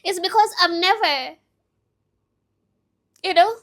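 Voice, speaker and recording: A woman's voice: extremely high pitch, slow pace, bright, forceful tone. A woman in her twenties who runs a business, talking candidly and emotionally in a rambling personal vlog. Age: 20s. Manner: emotional, rambling, self-reflective. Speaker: vlogger and business owner.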